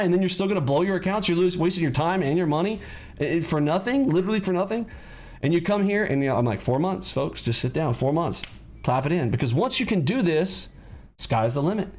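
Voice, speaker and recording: A man with a fairly high voice runs a live trading lesson. He lectures his listeners bluntly and turns preachy as he coaches them.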